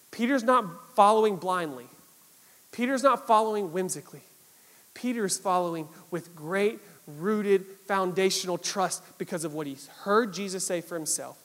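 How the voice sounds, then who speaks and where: A male pastor preaching a sermon, animated, with lots of repetition for emphasis. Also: high voice, long reverb tail.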